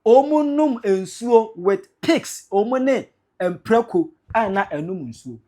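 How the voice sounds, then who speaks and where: A man's voice: sits high, expressive, takes it slowly, warm tone. A man from Ghana, host of a blog channel, giving indignant commentary on a political clip and mixing Twi and English. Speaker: news commentator.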